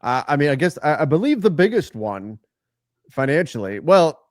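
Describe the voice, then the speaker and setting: A man's voice: on the high side, very animated, no echo. Man with a dry, close sound. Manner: measured, lays out points. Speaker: co-host. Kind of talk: casual sports talk.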